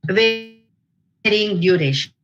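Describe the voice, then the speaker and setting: A woman with an Indian English accent giving an academic lecture on phonetics over a video call, deliberate and full of fillers and restarts. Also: medium pitch, expressive, a bit bright, muffled recording, soft background music.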